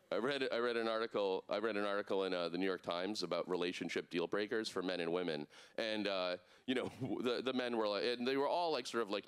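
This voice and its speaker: A man doing a stand-up comedy set on a club stage, deadpan with sudden put-on voices in his bits. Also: lowish voice, quick pace, hardly any pauses, background noise.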